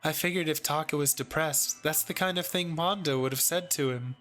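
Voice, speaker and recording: A man's voice: fairly high pitch, brisk, a bit bright, faint music behind, voice pushed up, close to an everyday voice. A man reading a polite AI program. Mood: earnest. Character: polite helpful AI computer program.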